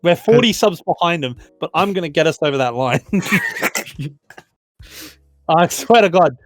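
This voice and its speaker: A man's voice: a little high, wildly swooping pitch, a little slow, dry recording. A man hosting a casual podcast, joking around and laughing, and dragging out mock announcements. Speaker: podcast host.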